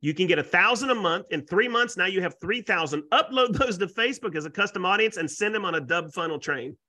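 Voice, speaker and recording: A man, a realtor and YouTuber, pitching as a guest speaker on a webinar with excitable, salesy energy and folksy exaggeration. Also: fast talker. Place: Florida.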